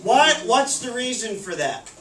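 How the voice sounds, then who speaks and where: A male teacher leads a classroom lesson, asking the class questions and repeating their answers. His voice is very high, fairly bright and a little slow, with big pitch swings. A far-off camera captures him in an echoey classroom, with a little hiss or hum.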